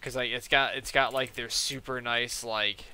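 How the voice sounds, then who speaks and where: A young man rambles on a gaming live stream, telling a story in loose bursts full of "like" and quoted back-and-forth. His voice is very bright and forceful. Faint noise and keyboard clicks sit under him. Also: mid-range voice, steady tone, moderate pace. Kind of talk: casual live-stream chat while playing.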